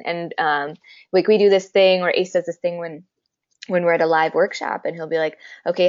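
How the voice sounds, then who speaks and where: A woman with a fairly low voice talks in a casual, effusive way, piling up praise and stories. Her voice sounds dry and close. The recording is a little dull and lo-fi. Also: no room sound. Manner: chatty, effusive, swears casually. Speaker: photographer and teacher. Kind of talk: casual conversation.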